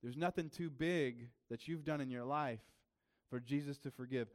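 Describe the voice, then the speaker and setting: A man's voice: medium pitch, normal speed. A young adult man preaching a sermon as a pastor in a casual, conversational way, with many fillers.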